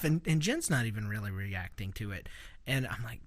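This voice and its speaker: Animated, bright-voiced man telling stories. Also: medium pitch, normal speed, no echo, clean studio sound. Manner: animated storyteller, laughs while telling. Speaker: podcast host. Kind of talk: casual chat.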